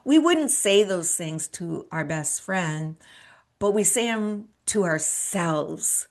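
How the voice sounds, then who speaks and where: A woman's voice: mid-range voice, lively intonation, slow. A woman in her fifties hosting a solo motivational talk, earnest and encouraging, asking the listener rhetorical questions. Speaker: midlife coach and show host.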